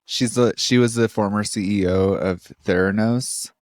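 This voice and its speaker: Relaxed, hesitant man co-hosting. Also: lowish voice, normal speed, no echo, studio quality. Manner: relaxed, hesitant, many fillers. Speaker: podcast co-host. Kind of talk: casual chat.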